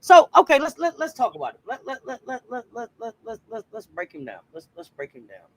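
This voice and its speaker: A man's voice: high voice, wildly swooping pitch, fairly quick, breathy edge, rough recording. A man co-hosting a casual sports talk show, joking and stammering over his words. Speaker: sports podcast co-host.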